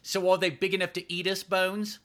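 A male narrator voices a nervous, sharp-tongued woman from East London, pitched well up and quick to snap. The lilt is plainly put on for an audiobook. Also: little pitch movement. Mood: sarcastic. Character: nervy woman crew member, sharp-tongued.

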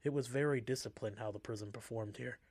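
A man reading a story aloud in a steady, measured way. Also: mid-range voice, slightly rough, dry recording.

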